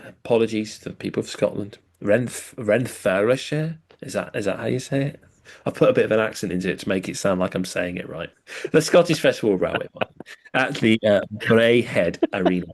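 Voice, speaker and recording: A man's voice: on the low side, gravelly, a little mellow. A man co-hosting a hobby podcast, reading out event listings with dry, rambling jokes. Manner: dry, jokey, rambling asides. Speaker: podcast co-host.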